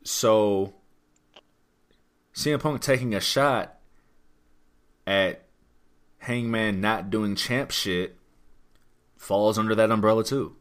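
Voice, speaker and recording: A man's voice: lowish voice, slow pace, pauses often, clear, resonant tone. A man hosting a podcast, talking through wrestling news in a rambling, emphatic way with lots of rhetorical questions. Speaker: podcast host. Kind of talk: casual wrestling chat.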